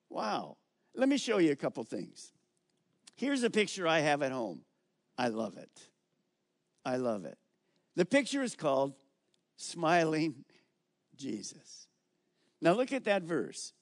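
An older male pastor preaching a sermon to viewers at home, animated and coaxing the listeners. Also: on the high side, dry recording, studio quality.

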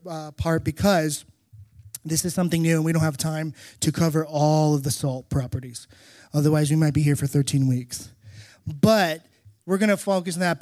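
Middle-aged male pastor, slightly high voice, lively storyteller, dry close sound. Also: no echo. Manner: animated storytelling with emphatic repetition. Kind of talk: sermon.

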